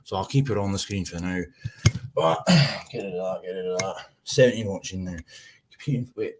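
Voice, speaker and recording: A man's voice: low-pitched, expressive, brisk, slight background noise. A man with a Scottish accent hosting a casual livestream chat from his room, ranting and swearing constantly in an agitated way. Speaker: livestream host. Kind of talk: casual live-stream chat. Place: home room.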